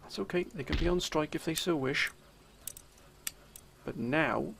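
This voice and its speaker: Gravelly male let's-play commentator, theatrical commander tone, voice a touch high. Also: a little slow, a little hiss or hum. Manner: theatrical, addresses viewers as 'sir' and 'gentlemen'. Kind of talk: game commentary.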